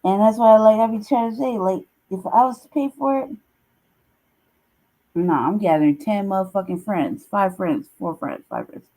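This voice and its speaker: A woman's voice: mid-range voice, normal speed, warm tone, rough recording. A woman hosting a casual livestream, talking bluntly with heavy swearing and bursts of laughter. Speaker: show host.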